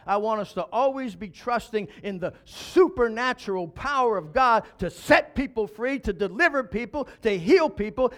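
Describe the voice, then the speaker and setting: A man's voice: high-pitched, fairly bright tone. A man preaching a sermon as pastor, emphatic, with rhetorical questions and chuckles.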